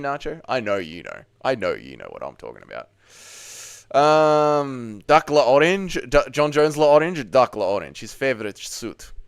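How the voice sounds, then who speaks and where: A male livestream host with a lively, up-and-down voice that stays smooth and clear. He talks loosely and swears often, answering chat messages one after another from a chair at home. The sound is dry, with no room echo. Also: fairly low pitch. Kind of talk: casual live fight watch-along chat. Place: home, seated at a desk.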